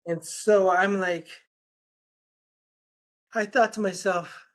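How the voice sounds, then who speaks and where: A man's voice: high-pitched, steady tone, slow pace, pauses often. A man talking as a guest in an interview, telling a long rambling story and quoting the people in it. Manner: rambling anecdotes, quoting conversations with "I'm like". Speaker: healer and podcast guest.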